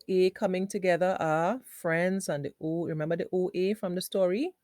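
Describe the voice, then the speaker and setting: Woman teacher, phonics lesson, slow sounding-out, mellow low voice, dry sound. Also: no room sound. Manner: slow, sounds words out in parts. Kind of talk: phonics lesson for young children.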